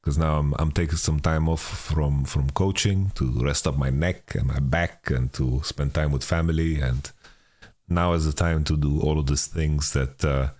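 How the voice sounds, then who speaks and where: A man hosting a casual podcast interview with a mixed international accent, halting restarts and frequent laughs, on a home studio microphone. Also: extremely low pitch, steady tone, a little mellow. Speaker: podcast host.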